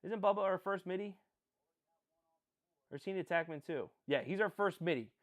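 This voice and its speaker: His voice sits high and moves fairly quickly. He's a livestream host in a relaxed setting, reacting to picks with rambling talk, jokey asides at his own expense, and replies to the chat.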